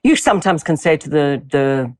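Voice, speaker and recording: A woman's voice: low-pitched, expressive, normal speed. A South African woman with a South African accent, an actress and dialect coach. In interview conversation she acts out sounds and pronunciations as she talks.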